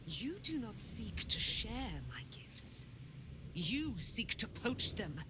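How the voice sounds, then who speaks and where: A woman's voice: on the high side, sing-song, slow pace, in a whisper. An actress playing a proud, fierce immortal noblewoman warrior who speaks in a haughty, commanding, scornful manner. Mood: angry. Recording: game audio with noise.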